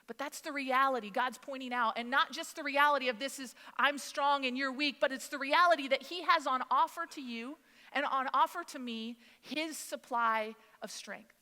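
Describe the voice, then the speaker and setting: Woman, thirties, high bright voice, conversational sermon, reverberant church hall. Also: normal speed. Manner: conversational, animated storytelling. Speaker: preacher. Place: church sanctuary.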